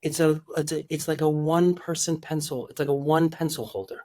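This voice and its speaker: A man in his forties from Iran, a guest in a casual interview, talking in halting starts with lots of restarts. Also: fairly high pitch, level tone, warm tone, dry recording, clean studio sound. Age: 40s.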